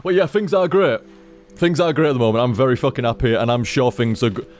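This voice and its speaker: A man's voice: medium pitch, fast talker, darkish tone, soft background music. A man streaming from home at his computer, rambling casually to viewers, swearing freely and repeating himself. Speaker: game streamer.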